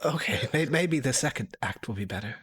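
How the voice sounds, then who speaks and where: A man's voice: mid-range voice, expressive, a little fast, a loud crowd, voice pushed up, lightly acted. A man voicing a naive, easily confused scholar who talks hesitantly and politely. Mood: puzzled.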